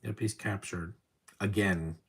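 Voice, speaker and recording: A young man giving casual live commentary over a movie, wry and opinionated, often trailing off into quiet asides. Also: low voice, steady tone, slow, slightly rough. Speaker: film commentary host.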